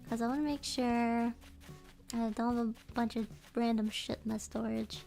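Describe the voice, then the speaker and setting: While playing a game, a woman streamer chats casually in a fairly high, darkish voice with vocal fry, keeping a steady tone and moderate pace. She laughs often and sometimes drops to a whisper, with faint game music in the background.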